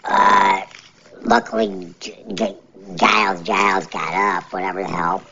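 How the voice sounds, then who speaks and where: A man's voice: low-pitched, steady tone, unhurried, pushed and bright, a little hiss or hum. A man ranting alone on his podcast, rambling and irritated, repeating his phrases. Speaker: podcast host. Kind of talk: solo podcast rant. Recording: dull lo-fi recording.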